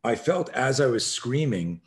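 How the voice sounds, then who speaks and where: A man's voice: mid-range voice, big pitch swings, measured pace. A man, a self-defense expert, telling a story as a podcast guest and acting out the scenes with animation.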